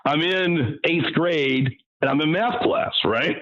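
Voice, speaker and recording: A man as interview guest, telling stories in an animated way and acting out what people said. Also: a little high, slow pace. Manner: animated, acts out quotes, frequent restarts. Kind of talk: casual storytelling interview. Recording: muffled lo-fi audio.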